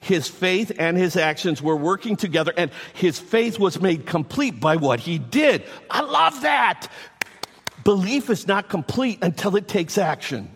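A man preaching a sermon, emphatic and animated, with playful asides to the congregation. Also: high voice, normal speed, hardly any pauses, slightly rough. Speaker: pastor. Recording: long hall reverb.

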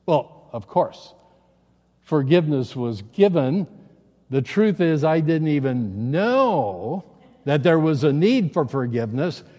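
A man preaching a sermon as a pastor, telling stories in a halting, conversational way with repeated words. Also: fairly high pitch, big pitch swings, mellow, in a large hall. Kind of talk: sermon storytelling.

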